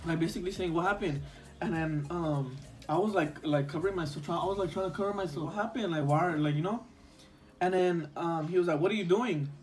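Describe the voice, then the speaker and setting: A man's voice: a little high, a little fast. A young man telling a storytime vlog story in casual chat, rambling with lots of fillers and a few Spanish words. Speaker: vlogger.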